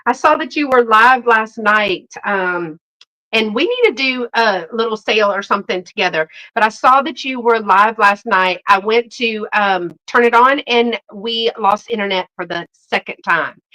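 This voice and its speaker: A woman's voice: medium pitch, normal speed, sharp tone, rough recording. A woman hosting a casual live stream, rambling in a chatty way and greeting viewers by name. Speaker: host.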